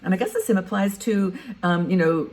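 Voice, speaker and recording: This sixty-something vlogger offers retired women advice in a casual, plainspoken way, working through her thoughts out loud. Her voice is mid-range and darkish, and she talks fairly quickly.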